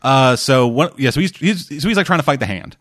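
Guy rambling bout movies, swears a lot, mid pitched, dry close sound. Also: animated, fairly quick, no echo. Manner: rambling, profane, acts out quotes loudly. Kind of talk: casual chat reviewing movies and shows.

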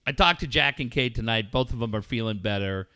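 A man in his forties co-hosting a talk show, telling stories in a casual, animated and profane way. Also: medium pitch, brisk, clear, resonant tone. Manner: animated, profane storyteller acting out his own reactions. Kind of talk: casual chat.

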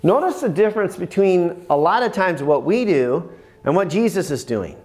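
A man preaching a sermon, emphatic and animated, with bursts of praise. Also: sits high, normal speed.

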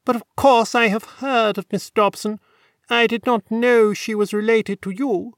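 A man's voice: sits high, fairly even intonation, a little slow, no echo, studio quality, voice pushed up. A man voicing a young, aloof aristocratic duke who speaks in a cold, clipped and haughty manner in an audiobook reading.

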